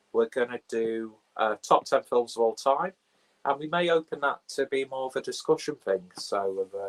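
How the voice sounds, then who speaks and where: Speaking at a medium pitch over poor audio, a man hosts a casual film podcast. He rambles in an offhand way and tosses in crude jokes, all recorded on a phone camera.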